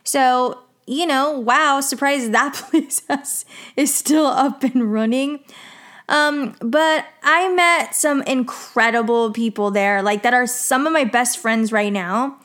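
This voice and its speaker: A woman's voice: high voice, takes it slowly, a bit bright. A young woman telling a story about an old job in a casual, chatty way, full of "like" and swearing. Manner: chatty, lots of "like" and "you know", swears freely. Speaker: vlogger telling a work story.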